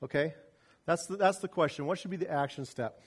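A pastor delivering a sermon, telling a personal story with wide swings between loud emphasis and quiet asides. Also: male voice, on the high side, brisk, breathy edge.

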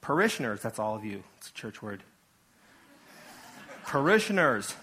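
A man's voice: medium pitch, sing-song, normal speed, long pauses, bright, forceful tone, breathy edge. A man preaching a sermon to his church in a casual, conversational way, full of asides and acted-out quotes. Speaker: pastor.

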